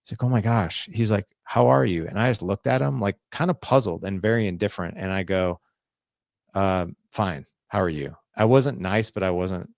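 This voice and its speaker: A man's voice: on the low side, a little fast, gravelly, hardly any pauses, no room sound, studio quality. A man in his forties, a podcast guest, telling a personal story candidly and earnestly, often acting out what people said. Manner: earnest, confessional storytelling with quoted dialogue.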